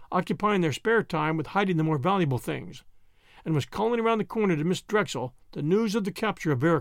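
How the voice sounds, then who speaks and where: A man reading an audiobook aloud with lively, swinging intonation. His voice sits high and carries a gravelly rasp. The recording is dry and close. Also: dry recording. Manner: animated reading. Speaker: narrator. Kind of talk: audiobook narration.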